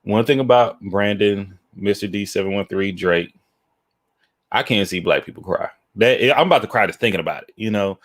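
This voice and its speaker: Low-voiced man telling a story. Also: normal speed, no room sound, clean studio sound. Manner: animated storyteller, acts out quoted voices, checks in with "okay?". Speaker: podcast co-host. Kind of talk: casual podcast storytelling.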